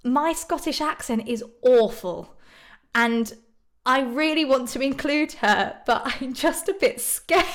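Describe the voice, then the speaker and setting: A woman from Ireland chatting casually on a live stream, reading out viewer comments and answering them. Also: on the high side. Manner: bubbly, frequent ums and laughs.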